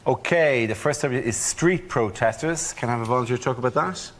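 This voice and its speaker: A man with an Irish accent hosting a comedy panel show, briskly announcing topics and handing over to the comedians. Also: mid-range voice. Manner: brisk, upbeat introductions. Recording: loud studio audience and noise.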